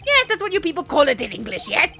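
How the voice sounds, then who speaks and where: A flamboyant, haughty Frenchman in a game, as a woman puts him on with a fake French accent. The voice stays bright and high and swings widely, bursting loud and quick with indignation over light background music. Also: wildly swooping pitch, gravelly, heavily acted. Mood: indignant. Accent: put-on French. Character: flamboyant excitable male French passenger.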